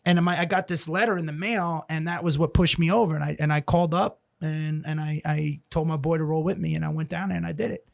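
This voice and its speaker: A man from North Jersey tells stories as a podcast guest, swearing freely and laughing often. His voice is gravelly and sits fairly high. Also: fast talker, few pauses. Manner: profane, animated storyteller who laughs a lot. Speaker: guest comedian. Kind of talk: casual storytelling chat.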